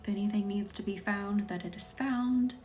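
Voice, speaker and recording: A woman from the American South with a light Southern accent, hosting a live Reiki stream. She chats with viewers and thanks them by name, and often drops into a soft whisper. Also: mid-range voice, moderate pace, a little hiss or hum. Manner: chatty, laughs easily, thanks viewers by name. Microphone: phone or webcam on a live stream.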